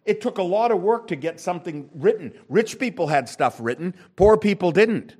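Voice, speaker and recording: A man preaching a sermon, emphatic, with wide swings between loud and soft and frequent rhetorical questions to the congregation. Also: sits high, animated, moderate pace, breathy edge. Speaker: pastor.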